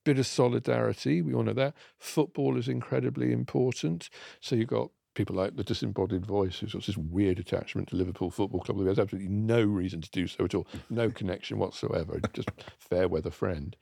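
Male radio guest, gravelly and slightly husky, animated, explanatory delivery. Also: mid-range voice, no room sound, studio quality. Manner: enthusiastic, explanatory, lively emphasis. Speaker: guest expert on accents. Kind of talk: conversational radio discussion.

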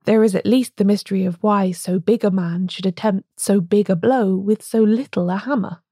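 A small, unassuming priest speaks quietly in a dull, colourless voice, as a woman narrator puts him on. The voice is mellow and gravelly, recorded close and dry. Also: mid-range voice, moderate pace, no room sound. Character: small, quiet, plain-spoken male priest.

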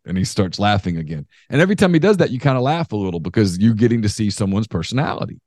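Deep-ish guy on a sports podcast, tells stories, gets emphatic, dry sound. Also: sing-song, very fast, hardly any pauses, darkish tone, dry recording. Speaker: podcast co-host. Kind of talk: casual sports talk.

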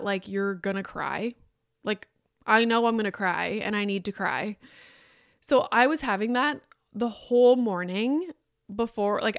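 A woman's voice: mid-range voice, clear, resonant tone, dry recording. Chatty woman with a dry close sound. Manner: chatty, rambling, many fillers, candid. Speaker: podcast host. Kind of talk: casual solo podcast chat.

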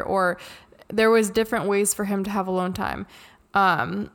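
A young woman co-hosting a podcast, chatting casually and telling stories in an animated way. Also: mid-range voice, moderate pace. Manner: chatty, animated storytelling with frequent laughs. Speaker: podcast co-host. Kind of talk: casual chat.

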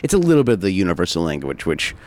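A man's voice: sits low, wildly swooping pitch, very fast, a little mellow. A man hosting a podcast in casual chat, rambling with many fillers and frequent laughter. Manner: rambling, laughs often, lots of filler words. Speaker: podcast host.

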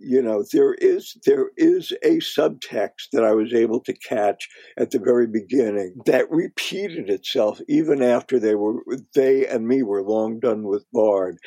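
Older guy, gravelly husky voice, talks slow and halting, dry close sound. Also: lowish voice, mellow, dry recording. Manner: slow, reflective, halting reminiscing. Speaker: guest, former music critic. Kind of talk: casual podcast conversation.

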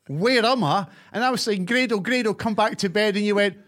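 A man's voice: moderate pace, a bit bright. A Scottish man hosting a podcast, teasing his co-host in casual chat and eager to launch into a rant. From Scotland. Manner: teasing, eager, laughs high. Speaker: podcast host, former radio presenter.

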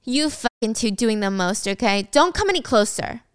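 A woman's voice: a little high, expressive, moderate pace, clean tone, no echo, clean studio sound, lightly acted. A woman voicing a crude, taunting student villain. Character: volatile young male student villain.

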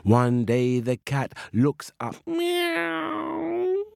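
A male storyteller narrating a children's tale slowly, his pitch rising and falling with a lot of life. The voice sits close to the mic with a dry, plain sound. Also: no room sound. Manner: slow, lively, expressive.

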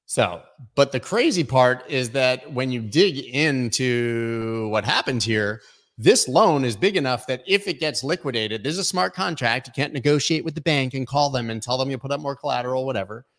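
A man's voice: medium pitch, pushed and bright. A man hosting a weekly crypto news show, talking casually with many fillers and opinionated asides. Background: construction noise.

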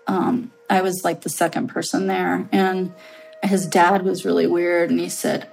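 A woman's voice: fairly low pitch, little pitch movement, unhurried, gravelly, darkish tone, soft background music, rough recording. A woman in her late thirties telling a personal story as a podcast guest, earnest and rambling, with many fillers and restarts.

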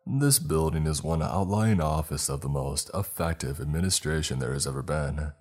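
Guy reading a proud smug official, very deep husky voice, lecturing calmly, music behind. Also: normal speed. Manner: smooth, self-assured, lecturing. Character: beaming smug male official, secretive and proud. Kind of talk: read-aloud dialogue in a horror story.

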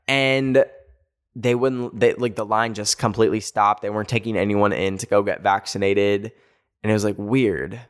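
Male podcast host, casual and sassy, animated storyteller. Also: on the low side, moderate pace. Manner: animated storytelling, sassy asides, acts out quotes. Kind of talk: casual chat.

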